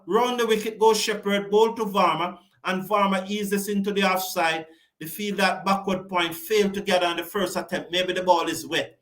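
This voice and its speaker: This is a man from the West Indies, hosting a live online cricket commentary. His voice sits high for a man. He commentates with open passion, repeats his points for emphasis and answers viewers' comments as he goes. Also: a bit bright.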